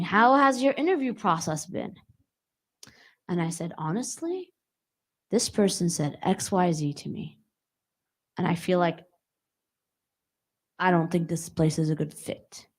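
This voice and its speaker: Woman telling a story to an audience. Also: lowish voice. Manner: conversational, engages the audience with questions. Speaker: guest speaker. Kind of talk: storytelling talk to a live audience. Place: community hall.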